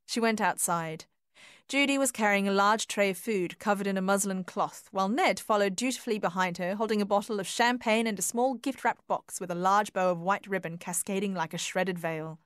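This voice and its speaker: Dry, measured woman narrator. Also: medium pitch, smooth, no echo. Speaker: audiobook narrator. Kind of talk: scripted narration.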